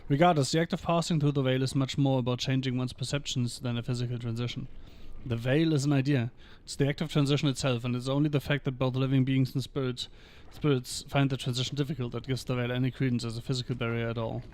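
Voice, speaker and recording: A man with a mid-pitched voice reads fantasy game lore aloud during a stream. He moves through long passages at an even reading pace. Between entries he drops short, dry remarks of his own. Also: fast, hardly any pauses.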